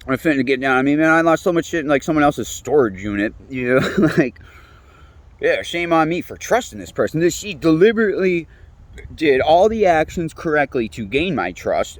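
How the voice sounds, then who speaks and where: A man's voice: fairly high pitch, dry recording. A man, ranting casually, rambling and swearing often. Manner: profane, rambling, animated, laughs often. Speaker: interviewee. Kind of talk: casual rant.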